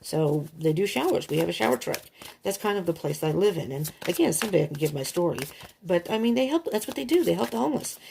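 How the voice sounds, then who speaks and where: A woman's voice: medium pitch, gravelly, a little mellow, slight background noise. A woman reading tarot cards for her viewers in an emphatic, chatty way, repeating her warnings. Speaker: tarot reader. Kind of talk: monthly tarot card reading.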